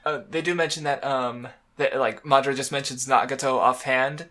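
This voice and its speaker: A man's voice: medium pitch, steady tone, normal speed, bright, forceful tone. A man co-hosting a podcast, chatting casually about manga in a rambling way, with lots of fillers, restarts and laughter. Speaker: podcast co-host.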